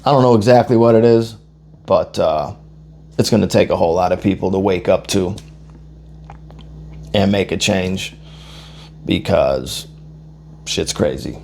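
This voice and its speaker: A young man talking casually into the camera, with a hoarse voice he says he is losing, rambling loosely and swearing as he goes. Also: low voice, a little slow, pauses often, a little mellow, slight background noise. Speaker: vlogger.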